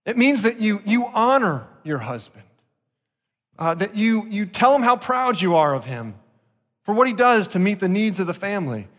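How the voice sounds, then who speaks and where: A man's voice: high voice, sing-song, a bit bright. Man preaching in a reverberant hall. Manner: earnest preaching, slowing for emphasis. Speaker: pastor. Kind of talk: sermon. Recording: long reverb of a large hall.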